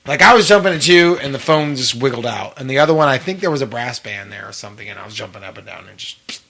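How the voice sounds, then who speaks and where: Cussing guy chiming in on a podcast, bright forceful voice. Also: medium pitch, lively intonation, fast talker, vocal fry. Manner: blunt and profane, chiming in. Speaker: podcast co-host. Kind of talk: casual chat.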